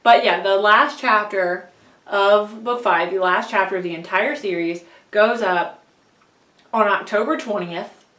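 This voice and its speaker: Speaking a little slowly, a woman with a medium, somewhat bright voice rambles through a casual vlog about reading audiobooks, which she also narrates. She's chatty, pokes fun at herself and laughs a lot; her voice sounds slightly distant in an echoey room.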